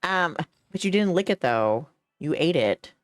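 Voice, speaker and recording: A woman's voice: on the low side, lively intonation, a little slow, no echo, clean studio sound. A woman streaming a game, chatty and giggly, reading the dialogue aloud as she plays, with hiccups. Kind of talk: casual game stream commentary.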